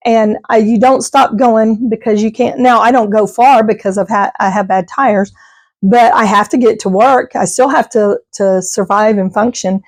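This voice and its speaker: A woman's voice: medium pitch, fairly even intonation, normal speed, darkish tone, no echo. A middle-aged woman, chatting casually to her viewers as a vlogger, rambling and laughing often. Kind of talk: casual chat.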